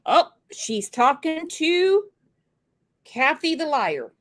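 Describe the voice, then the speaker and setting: A woman's voice: sits high, expressive, slow pace. A woman hosting a true crime commentary, talking casually with sarcastic, mocking asides.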